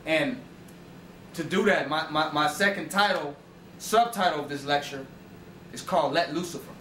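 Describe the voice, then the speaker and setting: A man's voice: fairly high pitch, moderate pace, bright, forceful tone, distant mic, a little hiss or hum. A man giving an informal lecture, emphatic and profane, often asking his listeners rhetorical questions. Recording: roomy echo, voice away from the mic.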